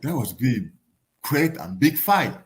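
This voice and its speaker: A man who is a professional boxer, talking casually as a podcast guest, animated and laughing often, with non-native phrasing. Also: mid-range voice, slow pace. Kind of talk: podcast interview, casual chat.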